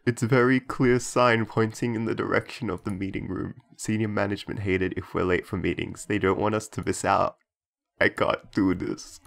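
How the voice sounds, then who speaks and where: A man's voice: fairly low pitch, fairly even intonation, moderate pace, creaky, a bit bright. Chatty young man doing game commentary. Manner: chatty, jokey, reads game text aloud, stifles laughs. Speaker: YouTuber playing a game. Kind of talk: casual gameplay commentary.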